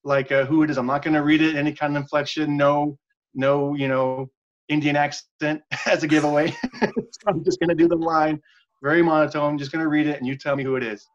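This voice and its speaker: Slightly high-voiced man, lo-fi podcast sound. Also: fairly even intonation, a little fast. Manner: playful, quizzing his co-host. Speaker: podcast co-host. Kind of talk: casual chat.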